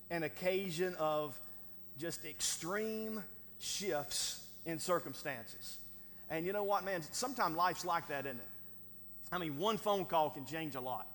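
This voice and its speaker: A man's voice: on the high side, unhurried, a bit bright, a little hiss or hum. A man preaching a sermon as pastor, conversational and folksy, with frequent "right?" asides and chuckles. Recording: long hall reverb.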